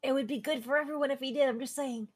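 Higher-voiced woman musing casually. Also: steady tone, very fast. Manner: musing, hedging with "like" and "I don't know". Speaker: podcast co-host. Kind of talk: casual commentary.

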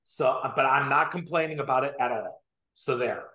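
A man co-hosting a podcast in casual sports chat, animated, joking and emphatic. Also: mid-range voice, moderate pace. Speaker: podcast co-host. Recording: roomy echo.

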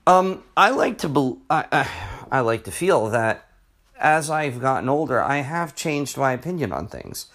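A man's voice: medium pitch, sing-song, normal speed, fairly bright tone. A middle-aged man, a teacher hosting his own podcast, talking in a rambling, chatty way full of restarts. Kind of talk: casual solo podcast monologue.

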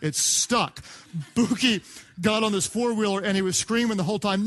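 High-voiced animated male preacher. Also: fast. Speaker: pastor. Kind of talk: sermon. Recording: sermon clip played from archive.

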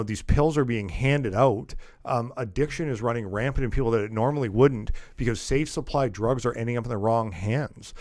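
A man with a mid-pitched voice, recorded close and dry, talks on a podcast. He fills his sentences with ums and gets worked up as he argues. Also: no room sound. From Canada. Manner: animated, many fillers, rises when indignant. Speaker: podcast co-host. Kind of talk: casual political chat.

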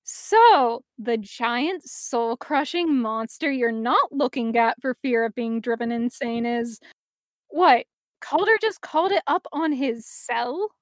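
Woman reading as a sharp-tongued young heroine, sarcastic, snappy, high voice. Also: slow pace, no room sound, clean studio sound. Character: sharp-tongued young female archer, quick to correct.

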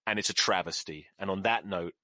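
A man's voice: deep voice, a little fast, sharp tone, dry recording, clean studio sound. A man, hosting a solo podcast and ranting with profanity and sarcasm. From England. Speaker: podcast host. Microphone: close mic.

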